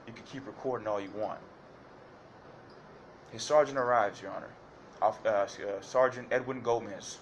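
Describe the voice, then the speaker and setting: Deep-voiced man testifying to a judge. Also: normal speed, a little hiss or hum. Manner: detailed, repetitive, hesitant with fillers and restarts. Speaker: defendant addressing a judge. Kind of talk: courtroom testimony.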